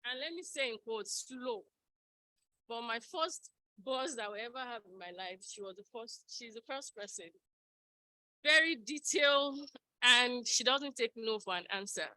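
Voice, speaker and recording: A woman's voice: a little high, expressive, normal speed, bright, forceful tone, no room sound, rough recording. A young woman speaks emotionally at a graduation, thanking her former boss. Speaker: former staff member giving thanks.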